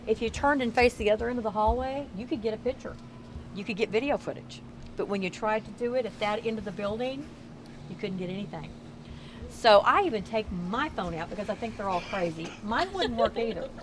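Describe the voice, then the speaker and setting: A middle-aged woman with a Southern Texas accent and a slightly high voice guides a nighttime street tour of a town, telling ghost stories to the crowd outdoors in a chatty, folksy manner. A tour member's camera captured it, so the audio is poor with slight background noise.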